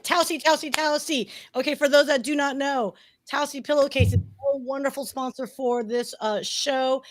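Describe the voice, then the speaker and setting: Woman, bright higher voice, chatty product pitch, dry sound. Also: dry recording. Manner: bubbly, chatty, animated pitch. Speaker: sponsor presenter. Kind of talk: casual sponsor pitch.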